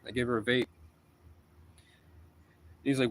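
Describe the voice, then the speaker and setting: A man's voice: medium pitch, flat delivery, unhurried, a little hiss or hum, poor audio. A man on a live stream telling a personal story in a rambling, intense and profane way.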